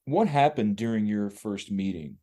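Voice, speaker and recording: A man hosting an interview, asking plain, measured questions. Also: on the low side, lively intonation, dark tone. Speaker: interviewer and host.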